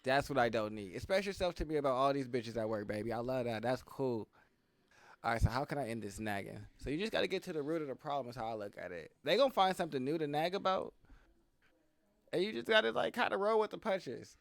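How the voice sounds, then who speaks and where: A man talks bluntly in a casual podcast chat, his voice at an everyday middle pitch. The sound is dry and close to the mic. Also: expressive, fast, no echo. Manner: blunt and laid-back, gets emphatic. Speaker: podcast host.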